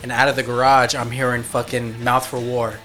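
Bright-voiced laid-back man saying "dude". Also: mid-range voice, little pitch movement, fairly quick, faint music behind. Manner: laid-back, says "dude" a lot, swears. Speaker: podcast co-host. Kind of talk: casual chat.

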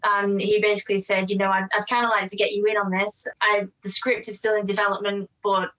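An English woman gives an easygoing interview, chattering quickly between frequent laughs. Her voice sits at a middling pitch, and she tells stories in a bright, conversational flow. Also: completely flat delivery, poor audio. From England. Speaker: actress and guest. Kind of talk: casual interview chat.

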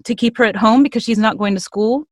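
An energetic woman in her thirties, a voiceover artist chatting as a podcast guest. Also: on the high side, fast, no echo, studio quality. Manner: energetic, upbeat, laughs easily. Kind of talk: casual interview chat.

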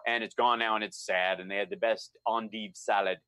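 A middle-aged man telling a story in a relaxed chat, animated and acting out the voices of the people he quotes. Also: fairly low pitch, a little fast, no room sound. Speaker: guest storyteller.

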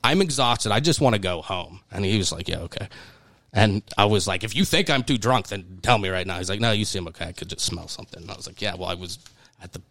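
A man co-hosting a podcast in a studio, telling a long story with lots of laughter and sudden high jumps in his voice when he acts out the panicked moments. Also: quick pace, dry recording. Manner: animated storyteller, laughs through his words. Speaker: podcast co-host.

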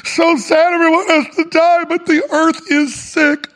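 A man's voice: extremely high pitch, little pitch movement, unhurried, fairly bright tone, voice pushed up. Man mocking a tearful trembling old celebrity. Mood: weepy lament. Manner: quavering, tearful, overwrought. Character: weepy elderly male celebrity, trembling with doom.

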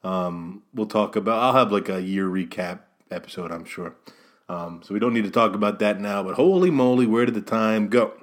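A man's voice: lowish voice, moderate pace. A man hosting a casual solo podcast, rambling and self-deprecating as he chats straight to the listener. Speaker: podcast host.

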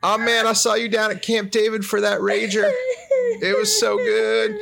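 A man's voice: high voice, lively intonation, moderate pace, vocal fry, fairly bright tone, pitched above the performer's own voice, heavily acted. A man doing a chummy drawling president. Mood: chummy, jovial. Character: folksy, back-slapping adult male US president. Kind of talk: comic impression in casual chat.

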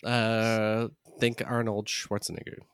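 A man's voice: lowish voice, little pitch movement, takes it slowly, a bit bright, smooth, dry recording, clean studio sound. A man co-hosting a podcast in casual chat, wry and laid-back, swearing now and then. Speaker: podcast co-host.

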